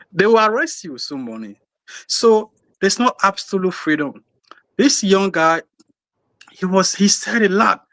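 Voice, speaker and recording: Emphatic Liberian man, bright and forceful. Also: a little high, no room sound. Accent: Liberian English. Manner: emphatic, repeats words when building a point. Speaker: panelist. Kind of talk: heated talk-show discussion.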